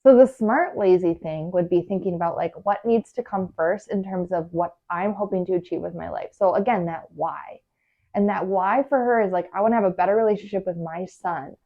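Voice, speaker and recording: A woman's voice: lowish voice, normal speed, gravelly, dull audio. A woman hosting a podcast, giving casual advice in a chatty way full of fillers and acted inner voices. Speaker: podcast host, organizing coach.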